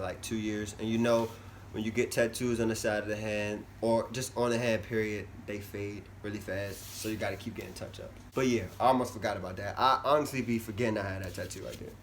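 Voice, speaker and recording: A young man vlogging casually to camera, chatty and animated, his voice swinging from loud bursts to low mumbles. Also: a little fast, a little hiss or hum. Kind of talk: casual vlog talk to camera.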